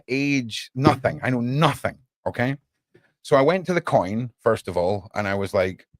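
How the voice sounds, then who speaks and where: A man hosting a casual livestream chat, animated and talkative, often checking in with "right?". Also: mid-range voice, no echo. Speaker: podcast host.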